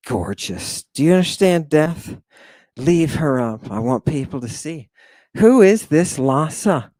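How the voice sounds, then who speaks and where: A man's voice: medium pitch, warm tone, no echo. A man giving a lecture to his viewers in a theatrical, exclamatory manner, with many sighs and asides. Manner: theatrical, sighing, exclamatory, addresses viewers as "people". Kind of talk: livestream lecture.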